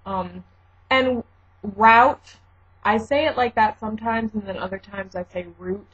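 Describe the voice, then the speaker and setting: A woman's voice: medium pitch, normal speed, breathy edge. Chatty young woman, mixed Midwestern-Jersey accent. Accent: mixed Midwestern and South Jersey. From Southwest Michigan. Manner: chatty, rambling, many fillers and self-corrections. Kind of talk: casual vlog, reading a word list. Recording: dull lo-fi home video audio.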